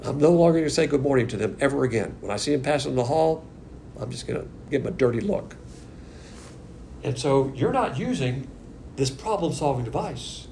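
A man's voice: mid-range voice, vocal fry, mellow. A man teaching a sermon-style Bible lesson at a board, folksy and conversational with slangy asides. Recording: echoey room with faint noise.

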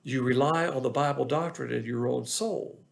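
A man, teaching the Bible in a measured sermon and often repeating his phrases. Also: medium pitch, vocal fry. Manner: measured, repetitive teaching delivery.

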